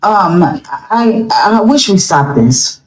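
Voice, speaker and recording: A speaker giving a forceful, opinionated monologue, repeating phrases for emphasis. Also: mid-range voice, very animated, extremely slow, reverberant, low-quality recording.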